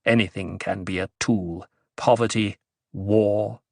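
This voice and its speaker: A man's voice: steady tone, takes it slowly, vocal fry, no echo, studio quality, exaggerated voice. A man doing a whining, spiteful dwarf. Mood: scheming. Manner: chortling, taunting, sudden high squeals. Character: spiteful scheming male dwarf, sly and gleeful. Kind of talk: audiobook character reading.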